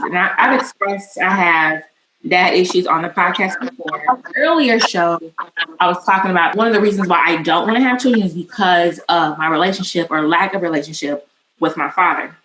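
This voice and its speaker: Woman in her 30s, bright forceful voice, spills a personal story, cusses, echoey room w faint hiss. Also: lowish voice. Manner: emotional, cusses freely, animated. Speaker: podcast co-host.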